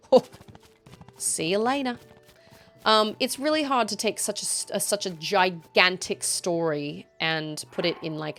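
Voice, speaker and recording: A chatty woman in her thirties talks casually while she plays, answering her chat. Her voice moves up and down a lot as she talks. Soft background music plays under her voice. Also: lowish voice. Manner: chatty, reads chat aloud, laughs often. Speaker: streamer.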